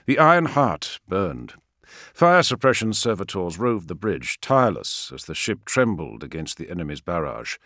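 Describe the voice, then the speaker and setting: A man reading a sci-fi war story aloud as an audiobook narrator, in a dramatic, measured way. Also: deep voice, sing-song, a bit bright, dry recording, studio quality. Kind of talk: scripted fiction narration.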